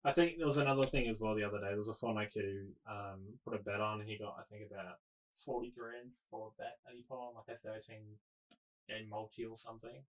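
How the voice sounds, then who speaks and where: Low-voiced joking man. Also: steady tone, quick pace, low-quality recording. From Australia. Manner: joking, sarcastic asides. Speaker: podcast co-host. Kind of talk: casual chat.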